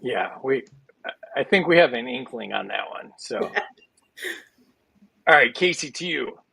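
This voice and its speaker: Gravelly-voiced man hosting an online game show. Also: medium pitch, animated, slow pace, sharp tone, no echo. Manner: jokey, rambling with many fillers.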